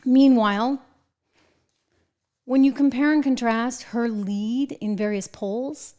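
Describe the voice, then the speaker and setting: A middle-aged woman hosting a political commentary show, talking in an animated, sarcastic way with mocking asides. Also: a little high, slow.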